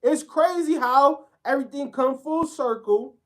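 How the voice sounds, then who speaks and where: Dude going off on a sports rant, slangy, blunt, cussing a lot. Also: male voice, extremely high pitch, unhurried. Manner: fired-up, slangy, blunt and profane. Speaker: sports commentator. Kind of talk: heated sports commentary rant.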